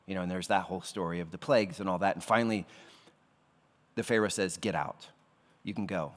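A man's voice: low voice, brisk, long reverb tail. A man preaching a sermon as a pastor, talking in a casual, conversational way with slangy asides.

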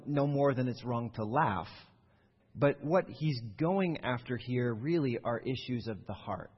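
A man's voice: mid-range voice, slightly rough. A man preaching a sermon as pastor, earnest and conversational, explaining his points and acting out quoted voices. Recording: dull long reverb of a large hall.

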